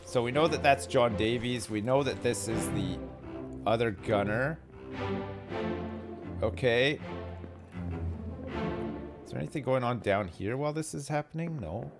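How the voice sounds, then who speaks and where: A man streaming a game, muttering and puzzling things out aloud as he plays. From Britain. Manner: muttering, puzzling things out, wildly swinging pitch. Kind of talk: thinking aloud while playing a game. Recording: faint game music behind. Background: faint game music.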